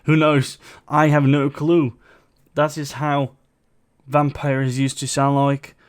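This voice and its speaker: A man's voice: on the high side, monotone, takes it slowly, clean tone. Rambling man with mixed English accent. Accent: mixed non-native English, part British, part American. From Sweden. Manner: rambling, opinionated, full of fillers. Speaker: reaction video host. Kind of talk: casual reaction commentary.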